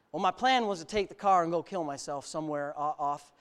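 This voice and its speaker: A man's voice: fairly high pitch, brisk, fairly bright tone, clean tone. A male pastor from the United States giving a candid personal testimony in a sermon, mixing self-mocking humor with serious storytelling.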